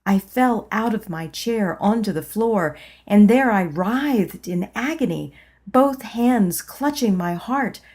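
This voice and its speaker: A woman narrating a spiritual memoir as an audiobook, in a calm, measured reading voice. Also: medium pitch. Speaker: audiobook reader.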